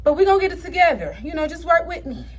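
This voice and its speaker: A woman's voice: extremely high pitch, lively intonation, fast talker. A young woman telling a personal story in a casual vlog, heated and profane, swinging up and down as she retells it. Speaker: storytime vlogger.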